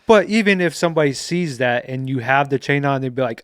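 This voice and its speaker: A young man co-hosts a podcast with laid-back, teasing banter. His voice is smooth at a middle pitch. The recording is dry and close. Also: expressive, fairly quick, no room sound. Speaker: podcast co-host. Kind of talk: casual podcast chat.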